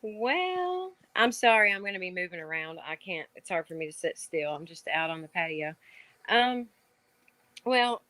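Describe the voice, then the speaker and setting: Chatty Kentucky woman, bright voice. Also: lowish voice, no room sound. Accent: Kentucky Southern. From Kentucky, USA. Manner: rambling, chatty, lots of "like". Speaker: guest. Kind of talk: casual chat. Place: outdoor patio at night.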